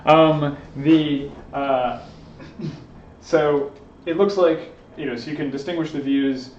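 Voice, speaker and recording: A man's voice: on the high side, a little slow, distant mic, slight background noise. A man giving an informal lecture to a small group, thinking aloud with frequent fillers and restarts. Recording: roomy, dull lo-fi room recording.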